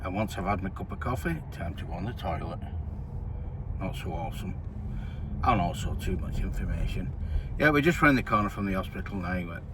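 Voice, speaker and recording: A man's voice: low-pitched, expressive, fairly quick, background noise. A man vlogging in a chatty, joking, self-mocking way, recorded on his phone. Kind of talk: casual vlog chat.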